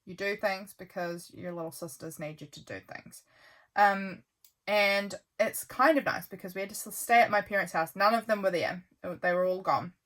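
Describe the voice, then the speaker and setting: A woman's voice: mid-range voice, normal speed. A woman chatting casually while flipping through her journal, rambling with lots of "um" and "like", her voice worn out from a long filming session. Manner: rambling, with frequent "um" and "like" and soft laughs. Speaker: junk journal vlogger.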